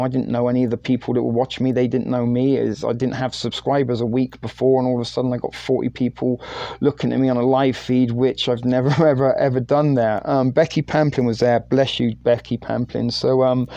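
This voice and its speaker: A man with a mellow, soft-edged voice at a middling pitch rambles through an anecdote on his live stream. He is self-deprecating and scattered with "um" and "sort of", and the recording is close and dry. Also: vocal fry, dry recording. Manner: rambling, self-deprecating, many fillers and hedges. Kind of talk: casual anecdotal chat.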